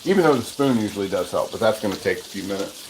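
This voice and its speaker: A man's voice: fairly low pitch, animated, fast. A man hosting a cooking livestream, chatting casually in a rambling way while he cooks at the stove and answers viewer comments. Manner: rambling and chatty, with many restarts. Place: home kitchen at the stove. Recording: noisy, with frying sizzle behind. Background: sizzling pan and running water.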